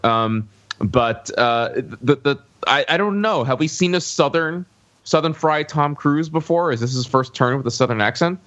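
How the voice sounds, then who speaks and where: A man's voice: mid-range voice, a bit bright, dull audio. A man from the American South co-hosting a podcast, talking casually about a film and often searching for his words. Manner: searching for words, many fillers and restarts. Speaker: podcast co-host.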